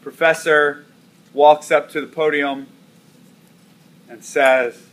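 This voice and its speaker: A man's voice: on the high side, steady tone, slow, long pauses, a bit bright. A man preaching a sermon, telling a story and repeating key lines for emphasis. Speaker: pastor.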